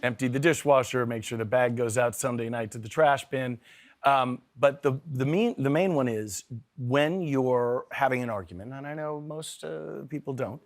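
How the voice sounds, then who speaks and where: A man's voice: medium pitch, normal speed. Playful middle-aged man on a talk show. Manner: playful, self-deprecating, many fillers and restarts. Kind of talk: casual chat. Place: TV studio with audience.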